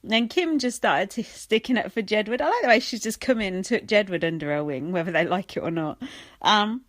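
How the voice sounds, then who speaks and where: A woman's voice: mid-range voice, lively intonation, brisk. A woman recapping a reality show in a sweary, sarcastic, exasperated rant. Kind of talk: ranting casual commentary.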